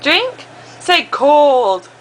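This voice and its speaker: A mother in a home video talks to her little ones in a high, bouncing voice, coaxing them slowly and laughing often. The recording is noisy with household hum underneath. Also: big pitch swings. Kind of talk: home video baby talk. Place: family home.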